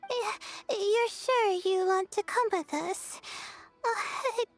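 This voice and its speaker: A woman voicing a small, chatty fairy companion girl in a video game, with an excitable, sing-song delivery. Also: extremely high pitch, takes it slowly, faint music behind, exaggerated voice. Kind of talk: game voice acting.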